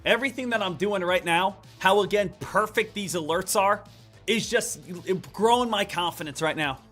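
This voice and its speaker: A man streaming live stock trades, muttering over charts and then ranting loudly and excitedly. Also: high voice, moderate pace, faint music behind. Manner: swings from muttered chart reading to loud excited rants. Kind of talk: live trading stream commentary.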